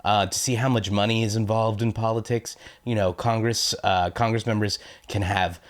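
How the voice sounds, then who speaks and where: A man's voice: on the low side, steady tone, moderate pace. An American man hosting a casual video, reading viewer comments aloud and chatting in a rambling, self-deprecating way with lots of fillers. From United States. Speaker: YouTube host.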